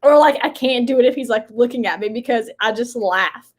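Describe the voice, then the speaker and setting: A woman's voice: fairly high pitch, fairly quick, darkish tone. A woman co-hosting a casual livestream, chatty and giggly, rambling through stories with lots of laughter. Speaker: livestream co-host. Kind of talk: casual live chat.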